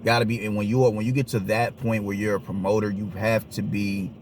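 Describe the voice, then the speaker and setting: A man's voice: fairly low pitch, level tone, brisk, a little hiss or hum. A man giving a casual opinion monologue on boxing, emphatic and repetitive, with streetwise slang. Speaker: boxing commentator.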